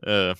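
A man's voice: sharp tone, no room sound. A young man from the American Midwest, co-hosting a casual podcast chat and teasing dryly between frequent laughs. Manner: laughs often, dry and teasing. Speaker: podcast co-host.

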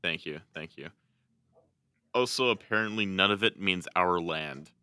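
A man with a very low voice and a strikingly bright, forceful tone, chatting casually as a podcast co-host. He is playful, laughs often and trips over his words now and then. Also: unhurried, clear, resonant tone. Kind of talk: casual chat.

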